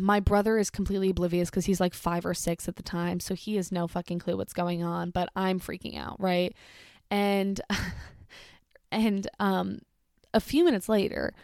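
A woman's voice: mid-range voice, smooth, no echo, studio quality. Chatty young woman telling a story. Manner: chatty, heavy use of "like", animated retelling. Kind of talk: casual storytime.

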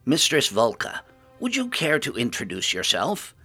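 A flamboyant vampire duke addresses his guests with courtly theatrical flair, as a male storyteller plays him. His voice is bright and lively, rising and falling freely. He belongs to a fantasy storybook reading. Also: medium pitch, moderate pace, slightly rough, soft background music, pitched above the performer's own voice, heavily acted.

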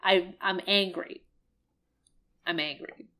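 A woman co-hosting a casual podcast, ranting about a video game, swearing freely and mimicking characters in quick bursts. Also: lowish voice, fairly even intonation, pushed and bright. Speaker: podcast co-host. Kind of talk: casual game-review chat.

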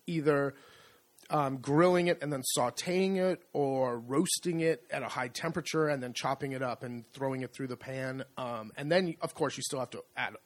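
A man's voice: mid-range voice, normal speed. A middle-aged man co-hosting a casual podcast chat, rambling with many fillers and restarts. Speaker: co-host. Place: rural home.

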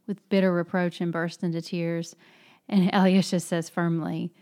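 Woman, somewhat low voice, thoughtful and hesitant, casual book talk. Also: little pitch movement, normal speed, a little mellow. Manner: reflective, hesitant with fillers. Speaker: book discussion participant.

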